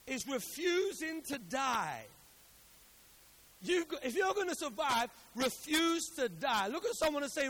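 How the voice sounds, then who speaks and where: A man with a very high voice preaches a sermon with a husky edge. He moves between hushed storytelling and loud, emphatic calls, repeating phrases for emphasis. His delivery builds and falls in waves.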